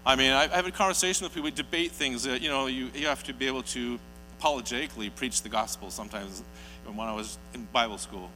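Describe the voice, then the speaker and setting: A man's voice: mid-range voice, quick pace, pushed and bright. A man preaching a sermon, telling stories earnestly and building to emphatic peaks. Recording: hall reverb with faint mains hum.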